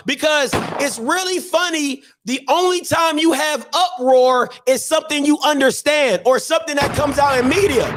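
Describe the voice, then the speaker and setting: Man host, very high voice, loose rhetorical riffing, computer mic. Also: fairly bright tone, a little hiss or hum. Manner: repeats himself, drawn-out rhetorical questions. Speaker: show host. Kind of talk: casual live-stream commentary.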